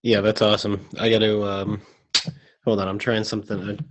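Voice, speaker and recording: A man, a guitarist and music teacher, talking casually into a USB microphone on a remote call, relaxed and rambling with lots of "like". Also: fairly low pitch, brisk. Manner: relaxed, rambling, heavy use of "like". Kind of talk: casual chat.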